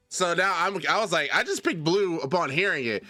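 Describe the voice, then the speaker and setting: Male streamer, lively bright voice, argues with chat, dry mic, faint music behind. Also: high voice, creaky, no room sound. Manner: animated, argumentative, addresses chatters by name. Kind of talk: casual live-stream chat reading viewers.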